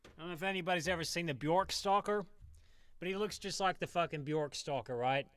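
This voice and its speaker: A man with a slightly high voice rants on a stream, swearing constantly and sarcastic as he rambles from one tangent to the next. The sound is dry and close, with no room around it. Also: fairly quick, a bit bright, clear, resonant tone, no room sound. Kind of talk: profane ranting commentary.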